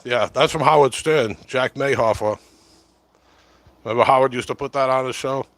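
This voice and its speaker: A man's voice: mid-range voice, moderate pace, a bit bright, no echo. Rambling middle-aged man on a livestream. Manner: chatty, meandering, lots of fillers. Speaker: livestream host. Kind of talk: casual rambling livestream chat. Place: home, close to camera. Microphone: short-corded mic right at the camera.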